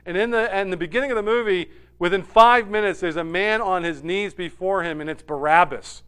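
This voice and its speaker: A man preaching a sermon, animated, dropping to a hush and rising loud when he acts out quoted lines. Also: high-pitched, a little fast, clear, resonant tone. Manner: animated, swings from hushed to loud when quoting. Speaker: pastor.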